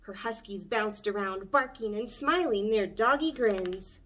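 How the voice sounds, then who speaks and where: A woman, a children's librarian, reading a picture book aloud at story time with a gentle, expressive manner. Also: mid-range voice, unhurried.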